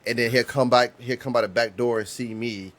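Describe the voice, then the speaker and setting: A man's voice: mid-range voice, fairly even intonation, brisk. A man in his thirties, co-hosting a podcast, telling rambling stories with restarts and casual swearing. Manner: rambling storyteller, frequent restarts, swears freely. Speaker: podcast co-host.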